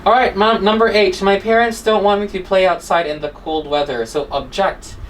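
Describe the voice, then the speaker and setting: A woman's voice: mid-range voice, steady tone, moderate pace, distant mic, slight background noise, low-quality recording. A woman teaching an English exam-prep class, explaining word forms and checking in with "right?" and "okay?" after nearly every point.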